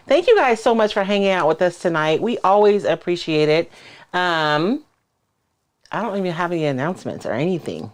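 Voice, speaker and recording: A man's voice: high voice, animated, fairly quick. A man hosting a casual crafting livestream, explaining his plans as he works and thinking aloud. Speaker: crafter and host.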